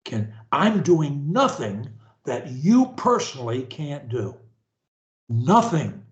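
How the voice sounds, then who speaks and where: A man coaching a stutterer over a video call, preachy and animated, swinging from loud to whispered. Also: mid-range voice, roomy sound, highs cut off. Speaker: speech coach.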